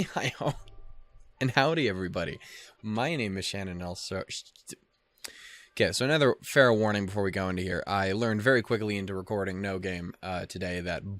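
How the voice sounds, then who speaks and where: A man's voice: fairly low pitch, no room sound. A young man hosting a let's play, rambling and swearing with self-mocking jokes and stumbling over the game text he reads aloud. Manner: rambling, profane and self-mocking, with goofy put-on quotes. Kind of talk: casual let's play commentary.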